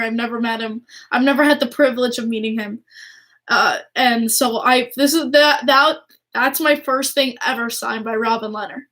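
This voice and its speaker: A young woman who vlogs as a hockey fan chats casually to camera in a fairly high voice at normal speed. She's excitable and gushing, stumbling over restarts and fillers.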